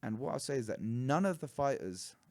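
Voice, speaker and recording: A man, a martial arts coach talking as a podcast guest, telling stories in a lively, animated way. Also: medium pitch, fairly quick. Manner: animated storyteller who acts out other people's lines. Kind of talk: casual storytelling interview.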